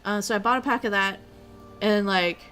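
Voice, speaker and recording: A woman's voice: medium pitch, moderate pace, sharp tone. A young woman streamer chatting casually, rambling along and swearing freely. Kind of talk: casual chat.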